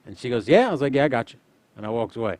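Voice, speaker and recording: A man's voice: mid-range voice, big pitch swings, racing, a little mellow, no echo. A man casually telling a rowdy story, swearing and acting out every line of dialogue.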